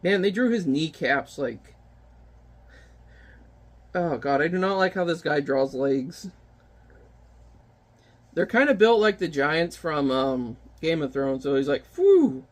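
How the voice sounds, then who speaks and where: Man, high-pitched voice, casual vlog commentary, wry, chatty, comic reviewer. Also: slow pace, pauses often. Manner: wry, chatty, offhand remarks.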